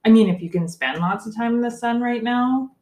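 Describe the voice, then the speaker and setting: A woman's voice: on the high side, brisk, a little mellow, roomy sound. A young woman co-hosting a casual chat, talking with lots of fillers and drifting off topic. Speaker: podcast co-host.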